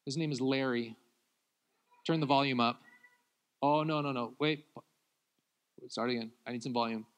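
A man, a pastor, preaching a sermon who swings between loud acted-out pleas and quiet confiding talk, laughing often. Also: medium pitch, fairly even intonation, normal speed, pauses often.

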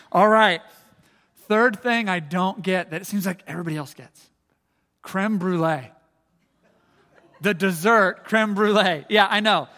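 A middle-aged man preaching a casual, humorous sermon as pastor, chatty and self-deprecating with halting restarts. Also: high-pitched, fairly bright tone. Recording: long reverb of a church hall.

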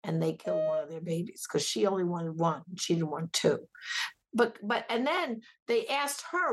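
With a voice on the low side and lively intonation, a middle-aged pro-life ministry director guests on a radio talk show. She talks at a moderate pace, emphatic and animated as she tells her stories.

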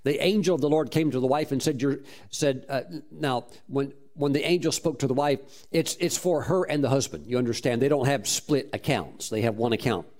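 A man's voice: medium pitch, fairly quick, a little mellow. A man preaching a sermon as a pastor, telling a story with fervent praise and frequent restarts. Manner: repeats words while restarting phrases.

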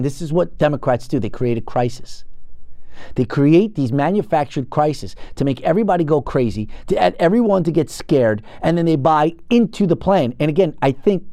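A man with a high-pitched voice hosts a political commentary show, ranting with heat and piling up rhetorical questions. The recording is dry and close, with no room sound around him. He speaks to camera from an indoor set. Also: dark tone, dry recording.

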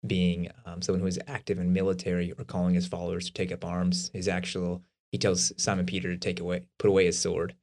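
A man co-hosting a podcast, explaining faith ideas quickly in a casual, conversational way with everyday examples. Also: low voice, completely flat delivery, darkish tone. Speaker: podcast co-host.

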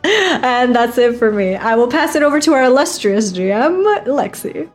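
A woman with a high voice chats breezily and laughs easily as she hands the stream over. Faint background noise sits under her voice. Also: big pitch swings, normal speed. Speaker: tabletop player. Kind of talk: casual chat.

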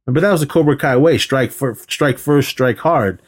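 Animated man recapping a movie. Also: mid-range voice. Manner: animated retelling, quick to act out quotes, swears freely. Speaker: podcast co-host. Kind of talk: casual movie recap chat.

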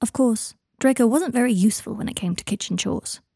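A woman hosting a podcast and reading her own fiction aloud in a calm, even manner. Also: a little high, brisk, creaky, husky, dry recording, studio quality. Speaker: podcast host and fanfic reader.

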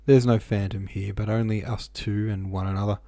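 A man reading a sly, insolent male servant who talks in a low, insinuating, unhurried way, as part of a storybook audiobook. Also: steady tone, vocal fry, mellow, no echo.

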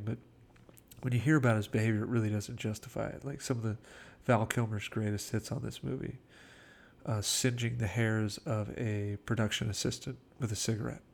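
A man's voice: fairly low pitch, vocal fry, a little mellow. A man casually telling behind-the-scenes film anecdotes in a chatty way, acting out quotes. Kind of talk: casual storytelling commentary.

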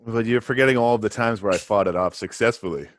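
Deep-voiced deadpan man. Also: fast talker. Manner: deadpan, dry self-mocking jokes. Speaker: podcast co-host. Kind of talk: casual chat.

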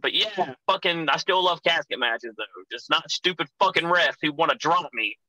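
A man, a wrestler guest telling profane, animated stories and acting out his own shouting. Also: fairly high pitch, moderate pace, poor audio. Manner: profane, animated storyteller, acts out shouting in quotes. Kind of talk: casual storytelling chat.

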